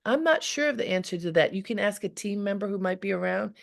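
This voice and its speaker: A woman leadership coach giving measured, emphatic advice in a live webinar, speaking from deep in her chest. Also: animated, gravelly. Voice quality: grounded low voice. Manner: measured, emphatic, repeats key phrases.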